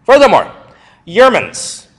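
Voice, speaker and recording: Lively male teacher quizzing a class. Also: high-pitched, takes it slowly, husky, poor audio. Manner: lively, asks the class questions and answers them himself. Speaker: history teacher. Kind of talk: classroom review lecture.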